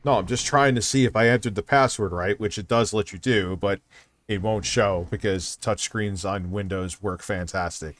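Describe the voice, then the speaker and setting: A man's voice: fairly low pitch, moderate pace, fairly bright tone, no echo. A man hosting a casual livestream, swearing and ranting in exasperation at a device. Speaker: streamer host.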